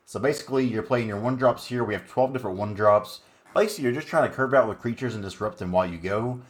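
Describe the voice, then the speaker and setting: A man's voice: mid-range voice, quick pace. A man hosting his own channel, giving casual, laid-back commentary on a card game deck with frequent fillers.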